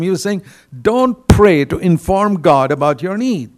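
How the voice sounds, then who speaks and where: A man's voice: high-pitched, expressive, a little slow. An older man preaching a sermon in a conversational way, with bursts of emphasis.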